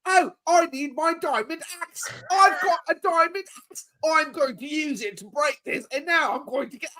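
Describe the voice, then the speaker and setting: A man putting on the voice of a whiny English kid gamer stuck in a video game, high and mock-dramatic. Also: normal speed, sharp tone. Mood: mock panic.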